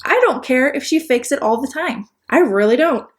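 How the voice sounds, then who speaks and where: A woman's voice: high voice, expressive, normal speed. A woman with a Chicago accent giving rambling, sarcastic commentary on a video, with frequent restarts and asides. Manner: sarcastic, rambling, self-deprecating. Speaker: commentary YouTuber. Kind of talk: casual video-essay commentary.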